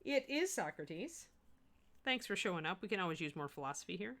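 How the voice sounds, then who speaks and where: Chatty bright-voiced woman painting and talking. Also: lowish voice, fairly quick. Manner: chatty, thinks aloud, self-correcting and animated. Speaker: miniature painting livestream host. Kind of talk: casual chat while painting, answering chat.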